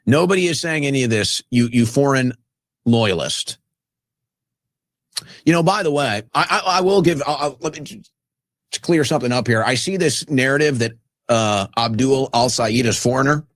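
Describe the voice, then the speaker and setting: A man's voice: mid-range voice, animated, moderate pace, dry recording, studio quality. A man hosting a talk show, delivering a heated, sarcastic political rant with mocking asides. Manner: sarcastic, mocking, shouting at times.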